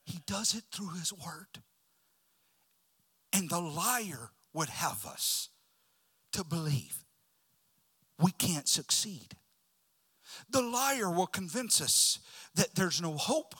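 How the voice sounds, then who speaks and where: A male preacher delivering a sermon, shifting from loud shouts to hushed whispers as he tells the story. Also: fairly high pitch, sing-song, slow, pauses often, slightly rough.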